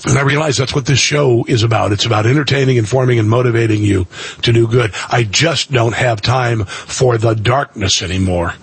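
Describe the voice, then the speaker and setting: A man's voice: mid-range voice, brisk, vocal fry, breathy edge. A man in his sixties hosting a talk radio show, delivering an impassioned, preachy monologue and repeating phrases for emphasis. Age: 60s.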